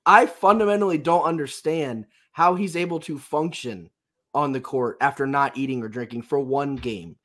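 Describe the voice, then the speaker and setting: A man hosting a sports podcast with a raspy, under-the-weather voice, enthusiastic and emphatic. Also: mid-range voice, moderate pace, fairly bright tone. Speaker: podcast host.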